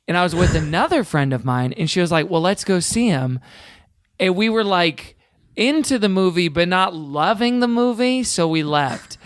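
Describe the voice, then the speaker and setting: A man's voice: high voice, a bit bright, smooth, dry recording, studio quality. A man in his thirties from the Houston suburbs, hosting a podcast and telling rambling stories that keep circling back on themselves. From Houston suburbs, Texas. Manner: rambling, self-correcting storyteller. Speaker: podcast host. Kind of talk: casual chat.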